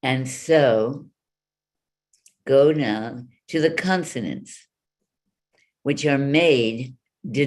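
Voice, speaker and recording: A woman teaching speech over a video call, slowly demonstrating vowels and consonants with drawn-out sounds. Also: extremely low pitch, a little mellow.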